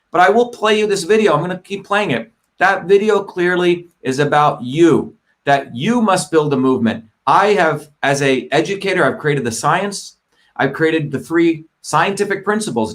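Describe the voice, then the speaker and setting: A middle-aged man hosts a livestream in a fairly high voice. He talks emphatically and combatively, hammering the same points again and again and swearing when he gets worked up. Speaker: host of a live online show. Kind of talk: live-stream monologue.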